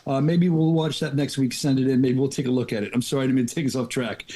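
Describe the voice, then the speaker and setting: A man's voice: medium pitch, steady tone, fast, warm tone. A man hosting a casual podcast, telling stories in a joking, self-mocking way. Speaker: podcast host.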